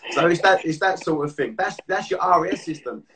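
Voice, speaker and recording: A male podcast host who talks fast and bluntly, swearing freely as he explains things. His voice sits a little high. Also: noisy background. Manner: blunt, sweary, animated storytelling. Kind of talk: casual podcast chat.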